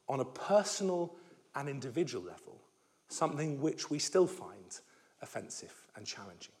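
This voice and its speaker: A man preaching a sermon, emphatic and animated, often restarting words and letting his voice fall soft at the ends of phrases. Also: high voice.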